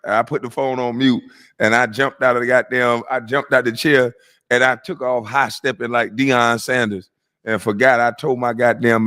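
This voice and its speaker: A stuffy-nosed man of medium pitch and fairly bright tone reacts to clips on his stream. His casual commentary is mocking and profane, punctuated by bursts of laughter.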